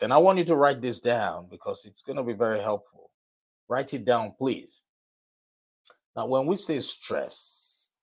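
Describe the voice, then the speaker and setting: A man hosting a live broadcast and podcast, giving a motivational talk in a deliberate, repetitive way that leans on key phrases. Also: fairly low pitch.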